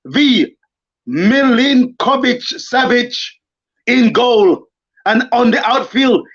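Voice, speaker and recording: A man giving excited, theatrical live football commentary for a watchalong stream, full of exclamations. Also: extremely high pitch, lo-fi sound.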